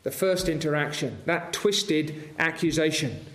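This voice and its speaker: A man's voice: a little high, a little slow, a bit bright. A man preaching a sermon, earnest and asking his congregation rhetorical questions. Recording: roomy echoing hall.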